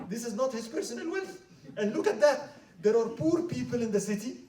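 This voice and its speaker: A man's voice: extremely high pitch, animated, a little fast, mellow, distant mic, pitched above the performer's own voice. A man voicing an indignant medieval scholar who is disgusted and outraged, in a roomy hall away from the mic. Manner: outraged, raised voice.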